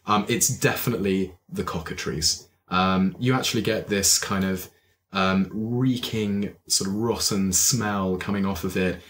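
A man's voice: sits low, steady tone, measured pace, fairly bright tone, a little hiss or hum. A man narrating as game master, describing scenes with many hesitant ums and uhs.

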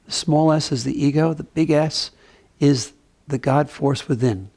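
Man giving a gentle mindfulness talk. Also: fairly high pitch, a little slow. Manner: gentle, conversational, playful asides. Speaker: spiritual teacher.

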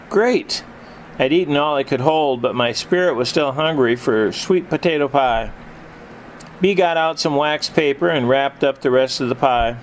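A man narrating a story in a reflective, measured storytelling manner. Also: medium pitch, slight background noise, low-quality recording. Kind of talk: storytelling reading.

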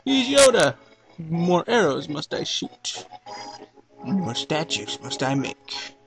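A smug male archer drawls slowly and solemnly, flipping his word order like an old sage, as a man puts him on for a video game. His gravelly voice crawls along. Faint game music plays behind. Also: fairly high pitch, animated, heavily acted. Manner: slow, solemn inverted phrasing.

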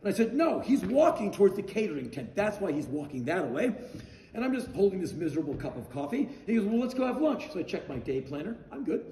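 A man's voice: high-pitched, fast, a little hiss or hum. 60s guy telling a story, emphatic, acts out the talk, mic kinda far off and echoey. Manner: animated, emphatic, acts out the dialogue. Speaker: storyteller guest. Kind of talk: casual anecdote telling. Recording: roomy sound, distant mic.

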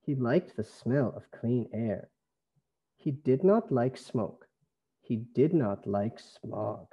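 A man from Canada with a Canadian accent, an English teacher reading a phonics lesson slowly in a sing-song way. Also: medium pitch, expressive, breathy edge, lo-fi sound. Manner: slow, sing-song, stretched words.

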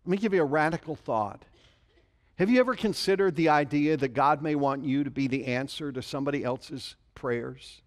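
A man's voice: a little high, moderate pace. A man preaching a sermon as pastor, earnest, repeating key phrases for emphasis and reading scripture aloud.

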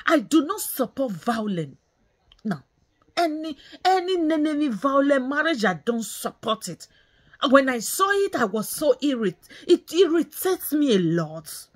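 A woman vlogger delivers an angry, bitter rant in a high voice with big pitch swings at a moderate pace. She scolds in repeated phrases and slips into Nigerian Pidgin as she comments.

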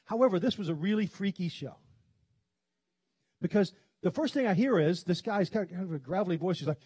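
A middle-aged pastor from Kentucky preaching a sermon, telling stories in a chatty way and laughing often. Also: male voice, high voice, dark tone, breathy edge, no room sound. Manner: conversational storytelling, quick to laugh. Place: church sanctuary.

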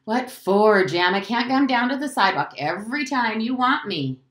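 A firm, scolding housekeeper from the South with a loud, lively voice, as a woman reads her aloud. She barks orders with a dialect drawl, and the roomy echo of a classroom hangs around her. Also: a little high, moderate pace.

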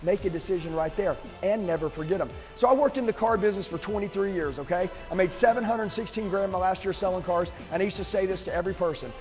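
A man's voice: high voice, quick pace, few pauses, darkish tone, big-room sound, faint music behind. A middle-aged man, a sales trainer, giving an intense, emphatic motivational talk to the camera.

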